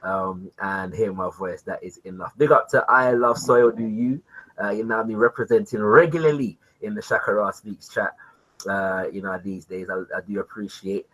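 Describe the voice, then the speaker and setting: A man hosting a live online talk show, greeting his viewers. He talks in an animated, informal way, with many "you know what I mean" fillers. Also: fairly low pitch, normal speed, poor audio. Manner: animated, repeatedly addresses viewers as kings and queens. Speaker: livestream show host.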